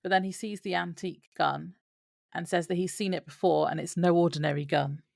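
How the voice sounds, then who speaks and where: A woman co-hosting a relaxed podcast in a low, very gravelly voice. She picks her way through the plot with ums and quick laughs. The sound is dry and close, with no room around it. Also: dry recording. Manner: laughs often, hesitant with fillers. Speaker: podcast co-host. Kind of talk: casual chat recapping a TV episode.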